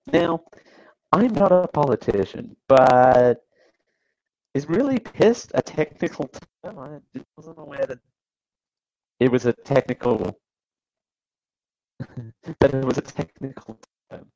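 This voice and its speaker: A man's voice: medium pitch, a little mellow, no room sound, lo-fi sound. A man hosting a radio talk show, giving casual political commentary with wry, sarcastic asides.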